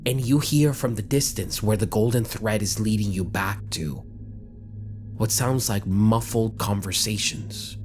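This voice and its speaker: Game master guy narrating slow, deep voice. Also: darkish tone, faint music behind.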